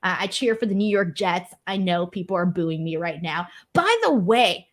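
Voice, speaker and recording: A woman's voice: lowish voice, expressive, normal speed. A young woman hosting a casual livestream, reading viewer comments and telling funny stories in a chatty, self-mocking way. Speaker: wrestling show host reading super chats.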